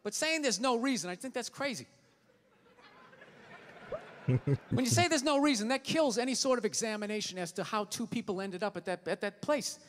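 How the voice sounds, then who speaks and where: A man's voice: high voice, animated, normal speed, long pauses, slight background noise. A man performing a stand-up comedy routine, ranting with exasperated, profane frustration. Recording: live stage recording in a large hall.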